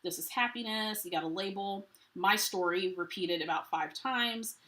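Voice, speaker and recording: A woman's voice: medium pitch, normal speed, fairly bright tone. A woman hosting a live craft unboxing. She talks in a chatty, enthusiastic way and greets viewers by name. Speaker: craft livestream host.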